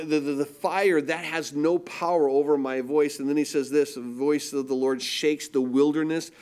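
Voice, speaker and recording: A man preaching a sermon with emphatic delivery, swinging between loud declarations and hushed, tender passages, often repeating words as he restarts. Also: fairly high pitch. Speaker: pastor.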